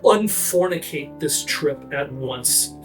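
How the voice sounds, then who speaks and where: A man playing a haughty fantasy lord who speaks slowly and with command. The voice sits a little high for a man and carries authority in a tabletop role-play. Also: lively intonation, music in the background. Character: haughty male lord leading a caravan.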